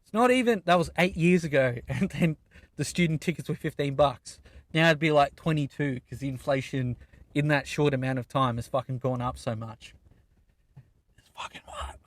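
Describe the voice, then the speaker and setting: A man's voice: fairly high pitch, fairly quick, no room sound. A young Australian man in his twenties, hosting a podcast and ranting in a casual, profane way from inside a car. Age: 20s. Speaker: podcast host. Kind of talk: casual solo rant.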